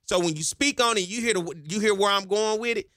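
A man's voice: high-pitched, fairly quick, pushed and bright, no room sound, studio quality. Passionate, fired-up male radio host. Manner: passionate, gets himself hyped up as he talks. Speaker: radio talk show host. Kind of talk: energetic talk radio monologue. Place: radio studio. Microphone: studio microphone.

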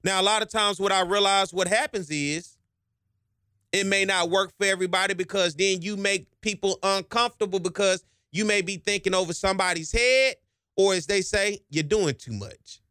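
A man's voice: high voice, moderate pace, pushed and bright, clean tone, dry recording, clean studio sound. Passionate, fired-up male radio host. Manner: passionate, gets himself hyped up as he talks. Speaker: radio talk show host. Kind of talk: energetic talk radio monologue. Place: radio studio. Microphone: studio microphone.

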